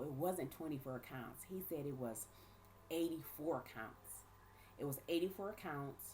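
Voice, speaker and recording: A woman's voice: deep voice, a little hiss or hum. A woman telling her own story in a casual vlog, acting out what people said and checking in with "right?" and "okay?". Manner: animated, acts out quoted dialogue with shifting voices; frequent laughs and asides like "right?" and "okay?". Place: at home with her child nearby.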